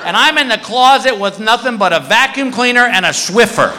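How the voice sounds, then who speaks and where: A man doing stand-up, telling a story in a lively, animated way and acting out other people's voices. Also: brisk, noisy background. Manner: animated, acts out a high-pitched wife's voice. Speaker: stand-up comedian. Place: comedy club stage with live audience. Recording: live club recording, hall reverb, crowd.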